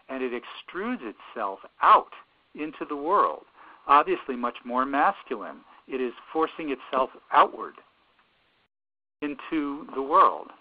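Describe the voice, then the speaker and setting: Man explaining steadily over tinny radio. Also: medium pitch. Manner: measured, drawn-out explaining with some restarts. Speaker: speaker on sound and music therapy. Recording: tinny phone-like radio broadcast.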